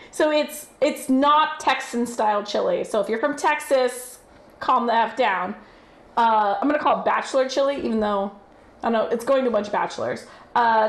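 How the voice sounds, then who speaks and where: A woman with a general American accent and a voice on the high side streams herself cooking, in a roomy-sounding space. She chats casually, reads the chat aloud, and swears freely.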